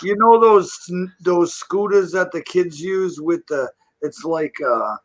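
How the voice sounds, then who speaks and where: A man telling animated stories with lots of laughter in a casual garage chat with friends. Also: high voice, takes it slowly, poor audio. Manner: animated storyteller, laughs and swears.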